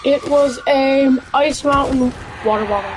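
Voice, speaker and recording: A woman's voice: high voice, measured pace, noisy background. A woman with a youthful-sounding voice chatting casually while gaming. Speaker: gamer.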